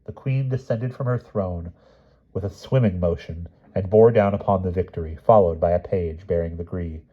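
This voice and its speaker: A man reading a novel aloud in an expressive, measured storybook narration, on a dull lo-fi recording. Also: low-pitched. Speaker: audiobook reader.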